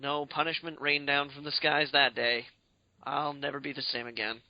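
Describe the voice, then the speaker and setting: A man's voice: on the high side, flat delivery, normal speed, dry recording, highs cut off. A man co-hosting a podcast, chatting casually and spinning exaggerated comic riffs. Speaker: podcast co-host. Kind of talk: casual comedic chat.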